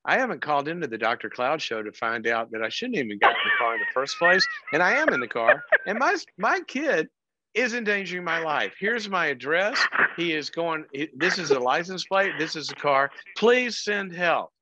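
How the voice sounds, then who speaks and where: A man role-playing a nervous mother who begs her son to slow the car, then turns firm. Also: a little high, wildly swooping pitch, muffled recording, background noise, pitched above the performer's own voice. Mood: pleading, firm. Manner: pleading, then firm and threatening.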